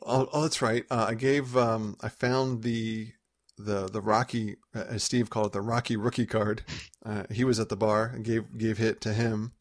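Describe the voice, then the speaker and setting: A man's voice: lowish voice, little pitch movement, normal speed, dry recording. Man, casual podcast chat, rambling storyteller, dry close sound. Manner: rambling, with frequent restarts and laughs. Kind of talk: casual chat recounting a convention trip.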